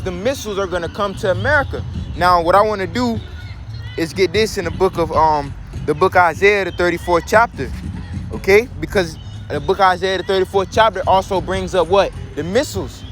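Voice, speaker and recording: A man teaching from scripture in a preaching style. He reads verses slowly and then explains them, checking in with "okay?" and "all right?" along the way. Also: high-pitched, fairly bright tone, faint music behind. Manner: emphatic, preachy.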